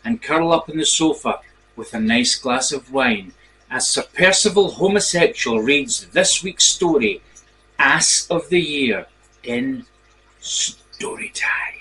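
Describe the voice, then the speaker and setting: A man's voice: mid-range voice, animated, unhurried, pushed and bright, a little hiss or hum, rough recording. A man hosting a comedy show, making theatrical, showman-like introductions. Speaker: show host. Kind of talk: comic radio-style announcing.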